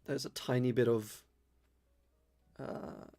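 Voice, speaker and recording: Young man, London accent with a faint Irish twang, casual stream chat, rambling, lots of ums, mid-pitched voice. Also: fairly even intonation, slow pace, mellow. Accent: London mixed with slight Irish twang. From London, England. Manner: rambling, many fillers and self-restarts; careful enunciation. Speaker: streamer answering viewer questions.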